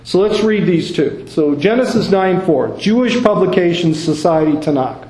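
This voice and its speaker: A man teaching a Bible study in a measured, careful way, stressing each quoted word. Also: high voice, lively intonation, a little mellow, echoey room, low-quality recording. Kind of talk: slow expository Bible study reading.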